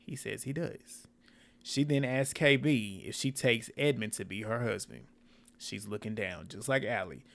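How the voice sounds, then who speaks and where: A man's voice: fairly low pitch, measured pace, gravelly, a bit bright. A man recapping a reality dating show in casual, blunt commentary, swearing and laughing often.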